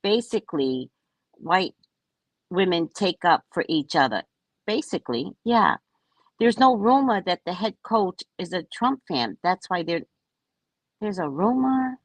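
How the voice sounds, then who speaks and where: A woman's voice: on the low side, animated, measured pace, no room sound, rough recording. A woman chatting casually with viewers on a home live stream, reading their comments aloud and answering them. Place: at home by the kitchen table.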